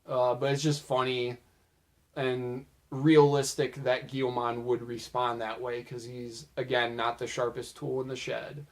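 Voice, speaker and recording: A man's voice: mid-range voice, little pitch movement, unhurried. A young man casually recapping funny anime moments, chatty and loose, with lots of filler words. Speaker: video creator.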